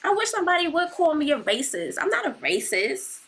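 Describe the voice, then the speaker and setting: A woman's voice: high-pitched, very animated, fairly quick, a bit bright. A woman hosting a reaction video, chatting casually and laughing often.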